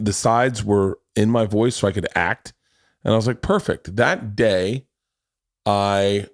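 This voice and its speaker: Man, forties, podcast host, animated storyteller, swears, dry studio sound. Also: on the low side, no room sound. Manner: animated, acts out quotes in shifting voices, swears. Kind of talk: casual storytelling chat.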